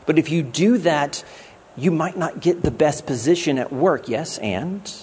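A man's voice: on the high side, unhurried, darkish tone, slight background noise. A man giving a sermon as a guest pastor, in a conversational way with jokes. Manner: conversational preaching with jokes and acted quotes.

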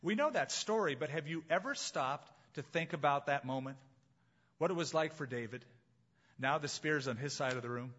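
A man preaching a sermon as pastor, emphatic and slowing down to stress key phrases. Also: fairly high pitch, fairly bright tone, lo-fi sound.

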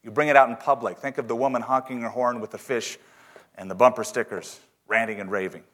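A man preaching a sermon in church, reading scripture slowly and emphatically, with joking asides. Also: medium pitch, fairly even intonation, fairly bright tone. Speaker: pastor.

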